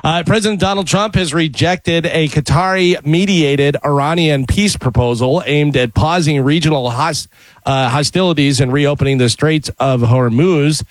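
A man reads the news segment on a morning radio show and tosses in joking asides. His voice sits a little high, and the studio sound is dry and close. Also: normal speed, dry recording, low-quality recording.

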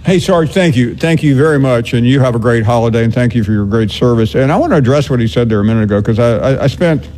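Mellow-voiced male radio host. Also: mid-range voice. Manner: quick, friendly, thanking callers. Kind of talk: sports talk radio hosting.

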